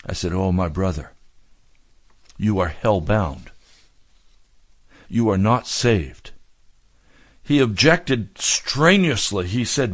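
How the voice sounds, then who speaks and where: Slow, earnest preacher. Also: male voice, on the low side, lively intonation, dry recording. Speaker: pastor. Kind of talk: radio sermon.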